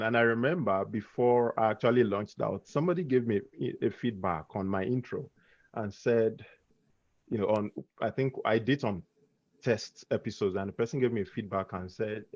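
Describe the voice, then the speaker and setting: A man who is a podcaster talking in a casual video-call chat, telling lively stories and acting out the voices in them. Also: medium pitch, normal speed, dry recording. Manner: animated storyteller, acts out voices. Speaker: podcaster guest. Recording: dull lo-fi video call audio.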